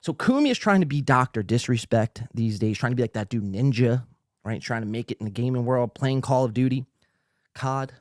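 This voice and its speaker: A man's voice: medium pitch, expressive, brisk, no echo, studio quality. A man hosting a podcast, ranting casually with lots of swearing, fillers and restarts, and he is a little tipsy. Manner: rambling, profane, with frequent fillers and restarts. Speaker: podcast host.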